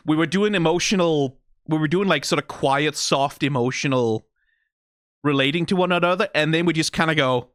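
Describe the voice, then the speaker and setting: Bright-voiced man breaking down animation. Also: fairly high pitch, normal speed, no room sound, clean studio sound. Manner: animated, lots of "like" and "right?", swears casually. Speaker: reaction video host. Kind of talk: casual analytical commentary.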